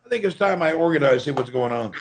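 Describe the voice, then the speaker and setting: A man's voice: on the high side, expressive, fast. A man chatting as a guest on a video call, grumbling as he talks. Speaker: livestream guest. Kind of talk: casual video call chat.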